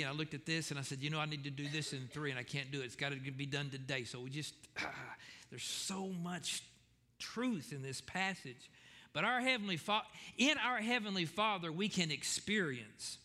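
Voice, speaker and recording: A man's voice: on the high side, sharp tone, big-room sound. A man preaching a sermon in a church, talking in a conversational way with fillers and restarts, then building to emphatic questions. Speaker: pastor. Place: church sanctuary.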